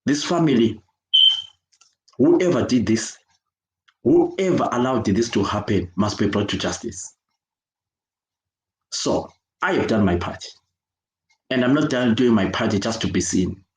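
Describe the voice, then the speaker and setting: A man's voice: mid-range voice, expressive, a little slow, pauses often, a little mellow, roomy sound, poor audio. A Zimbabwean man speaking out in an impassioned video rant, angry and emphatic, repeating himself as he condemns what he has seen. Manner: angry, emphatic, repetitive, switching between English and Shona. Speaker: children's worker speaking out.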